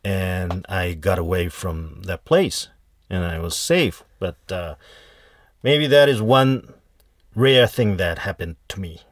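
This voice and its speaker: Slow, deep-voiced man telling a folk tale. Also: animated, dry recording, studio quality. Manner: unhurried, halting retelling with fillers and restarts. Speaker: storyteller. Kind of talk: casual folk tale storytelling.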